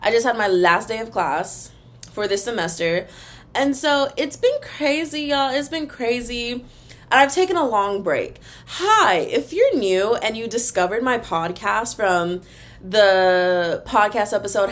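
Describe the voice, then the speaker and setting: A young woman hosting a casual solo podcast, chatty and gossipy, calling her listeners y'all, talking into her computer's built-in mic at home. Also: mid-range voice. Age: young adult. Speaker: podcast host. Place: room at home in front of a wall.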